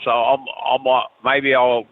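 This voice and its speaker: A man's voice: medium pitch, flat delivery, unhurried, slight background noise. Rambling man caller on phone. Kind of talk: phone-in chat. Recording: phone-like narrow sound.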